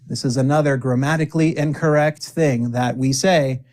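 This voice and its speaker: Guy running an english class, mid pitch, cheery, says the phrases slow so you can repeat. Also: darkish tone. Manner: upbeat, encouraging, models phrases slowly for learners to repeat. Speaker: English teacher. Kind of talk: spoken English lesson.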